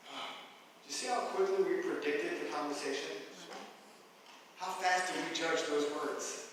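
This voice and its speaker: Guy coaching a workshop crowd, kinda high voice, jokey and chatty, sounds far off in a big echoey hall. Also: unhurried, long pauses, noisy background. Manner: conversational and joking, asks the audience questions. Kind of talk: live seminar talk to a group. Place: large room with a live audience.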